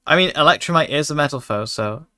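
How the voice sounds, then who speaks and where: A man's voice: fairly high pitch, expressive, quick pace, bright, forceful tone. A man streaming a card game, chatting casually with his chat and joking in mock anger. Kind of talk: casual gaming commentary.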